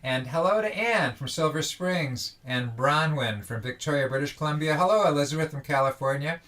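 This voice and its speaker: A man hosting a daily online singalong, greeting viewers by name in casual, halting talk with many restarts over a video call. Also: a little high, lively intonation, fairly bright tone. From Vermont.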